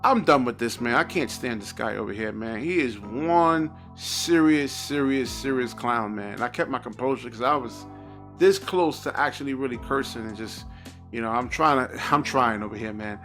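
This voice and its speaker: A man's voice: medium pitch, fairly quick, a bit bright, faint music behind. A man commentating on basketball in an exasperated, repetitive reaction rant, often tacking on "man".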